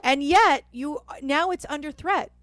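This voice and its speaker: A woman co-hosts a talk radio show, emphatic and opinionated. Her voice sits a little high and sounds dry and close. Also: a little slow, fairly bright tone, no echo. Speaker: radio co-host. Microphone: studio microphone.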